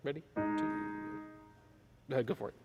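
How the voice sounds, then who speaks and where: A man's voice: fairly quick, in a large hall, loud music behind the voice. A man leading a choir rehearsal, talking singers through their parts and counting them in, with a keyboard playing. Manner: upbeat, counts in and sings out vocal lines. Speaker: choir director.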